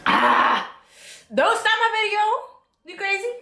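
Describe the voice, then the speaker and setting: A woman's voice: medium pitch, animated, moderate pace, pauses often, fairly bright tone, reverberant. A young woman vlogging a food challenge at home, laughing and screaming at the heat. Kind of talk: casual food challenge vlog.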